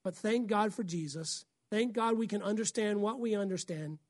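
A woman pastor, preaching a sermon in an animated way, often acting out voices and laughing. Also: mid-range voice, normal speed, dry recording, studio quality.

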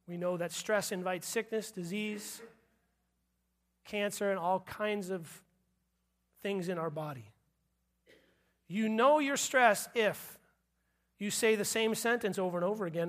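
Male pastor, high-pitched, playful sermon delivery with running gags. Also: a bit bright. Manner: joking, repeats punchlines, laughs at himself. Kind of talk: sermon with humor.

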